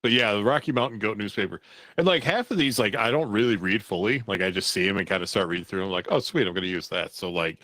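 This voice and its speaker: A man's voice: on the low side, fast talker, sharp tone, dry recording. A man hosting a casual talk show, reading odd news stories aloud, loose and profane and laughing at the material. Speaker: podcast host.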